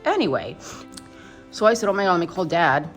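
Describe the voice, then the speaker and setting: A woman's voice: fairly low pitch, very animated, a little fast, faint music behind. A New woman in her fifties tells a personal story on her doll vlog in a rambling, emotional way, full of restarts. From New York. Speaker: doll vlogger.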